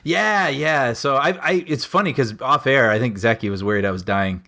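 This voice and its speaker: A man's voice: mid-range voice, normal speed, vocal fry, bright, forceful tone. A man co-hosting a podcast, casually telling a funny story and laughing often. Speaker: podcast co-host. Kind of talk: casual chat, anecdote telling.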